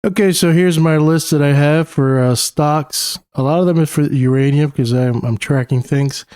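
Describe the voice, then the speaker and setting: A young New York City man with a New York accent works through market charts on a screen share as a technical analyst, thinking aloud with plenty of uhs and you-knows. His voice is on the high side, at a moderate pace, darkish yet clear and resonant. The sound is clean studio quality with no room sound.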